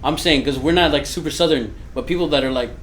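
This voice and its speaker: A man's voice: on the high side, quick pace, fairly bright tone, slight background noise. Rambling young Floridian man, Miami accent. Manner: rambling, reads aloud and slips into mock voices. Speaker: podcast co-host. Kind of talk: casual chat.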